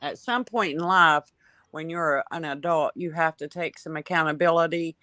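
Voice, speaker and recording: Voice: mid-range voice, normal speed, pushed and bright, no echo. A co-guest speaking firmly and bluntly, giving strong opinions. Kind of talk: talk-show commentary.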